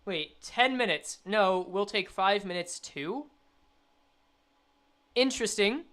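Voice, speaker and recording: A young woman streaming a game, chatting and reading the story aloud, animated and quick to laugh. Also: medium pitch.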